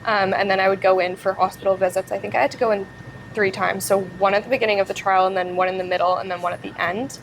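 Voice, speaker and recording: A teenage girl chats as an interview guest, her speech loose and full of fillers and little giggles. Her pitch sits in the ordinary middle for a young woman. A faint hum of noise sits behind her. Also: flat delivery, fast. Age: teens. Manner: chatty, many fillers and giggles. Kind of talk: casual interview talk.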